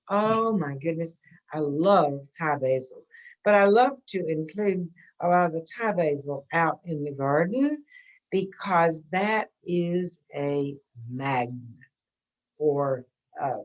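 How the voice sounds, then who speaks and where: A woman's voice: lowish voice, poor audio. Chatty woman teaching a gardening class. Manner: chatty, warm, checks in with "okay?".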